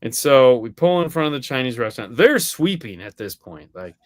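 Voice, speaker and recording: A man co-hosting a podcast in casual chat, telling a story in a lively way and acting out the voices of the people in it, swearing now and then. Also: mid-range voice, a little fast. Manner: animated storyteller acting out quoted dialogue. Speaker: podcast co-host.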